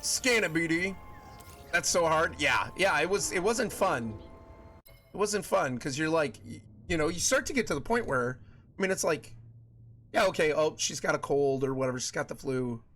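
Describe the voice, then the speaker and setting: Rambling dad streamer, slightly high voice. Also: male voice, expressive, moderate pace, a bit bright, faint music behind. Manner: rambling, repeats phrases, many fillers. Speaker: streamer host. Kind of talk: casual chat with live stream chat.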